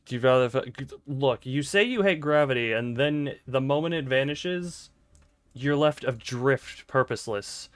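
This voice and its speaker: Male game streamer, casual and rambling, pokes fun at himself, smooth clear voice. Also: medium pitch, fairly bright tone, dry recording. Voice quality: playful, rambling, self-mocking. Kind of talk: casual livestream chat while gaming. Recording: dry close mic with faint game music.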